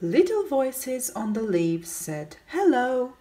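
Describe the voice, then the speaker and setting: A woman's voice: medium pitch, sing-song, slow, mellow. A woman reading a children's picture book aloud, asking her young listeners questions and calling out the characters' greetings. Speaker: storybook reader.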